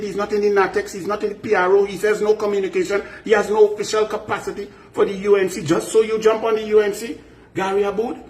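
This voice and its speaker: A man's voice: high-pitched, darkish tone, reverberant. A Trinidadian man delivering a combative political rant straight to his listener, firing off repeated rhetorical questions. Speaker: political commentator. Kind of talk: direct-to-camera political rant.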